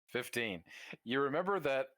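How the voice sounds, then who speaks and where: A man's voice: medium pitch, expressive, moderate pace, fairly bright tone, no echo, studio quality. A man running a tabletop game as game master, describing scenes vividly with casual fillers.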